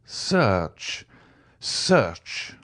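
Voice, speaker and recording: A man's voice: lowish voice, sing-song, a bit bright, full character voice. A man doing a cold, vengeful avenger. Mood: solemn. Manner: measured, solemn, slow delivery. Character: cold, vengeful man returned from prison, calm and grave.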